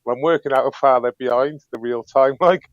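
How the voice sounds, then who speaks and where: A man calling in to a live stream who talks in a halting, stammering way and chuckles between his words. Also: medium pitch, no echo, highs cut off. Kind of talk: casual chat.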